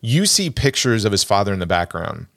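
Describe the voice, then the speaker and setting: A low-voiced man talks films as a podcast co-host, recorded close and dry with no room sound. He tells stories with feeling and a lot of animation. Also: fairly quick, vocal fry, no echo. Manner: emotional, animated storyteller. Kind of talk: casual film discussion.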